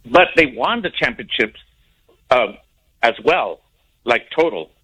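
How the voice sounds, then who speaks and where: A man calling in to a sports radio show, explaining a point haltingly with repeats. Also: mid-range voice, animated, bright, forceful tone, breathy edge, rough recording. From San Antonio area, United States. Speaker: caller. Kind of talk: casual call-in chat.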